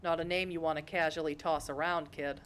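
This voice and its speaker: A woman voicing a smug, gruff male vampire detective with a raspy tough-guy drawl, reading a narrative game aloud on stream. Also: low voice, fairly even intonation, brisk, a bit bright, slight background noise. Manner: tough-guy drawl with a put-on Boston accent.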